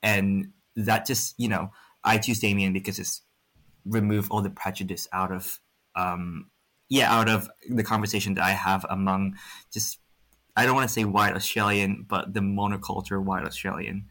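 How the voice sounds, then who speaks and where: A man's voice: fairly low pitch, level tone, normal speed, fairly bright tone. A young Vietnamese man with an American-influenced accent, a native Vietnamese speaker, answering interview questions frankly with many fillers. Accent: American-influenced English, Vietnamese speaker.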